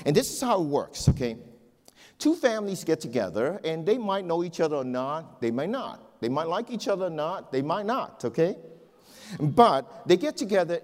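A middle-aged male pastor telling a joke and preaching in a church, as an animated storyteller who repeats words. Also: fairly high pitch. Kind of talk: sermon with a joke. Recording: long church hall reverb.

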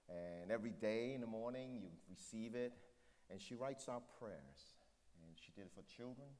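Deep-voiced pastor preaching in a hall. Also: male voice, a little mellow. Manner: conversational preaching. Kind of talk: sermon. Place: church hall. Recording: long reverb of a large hall.

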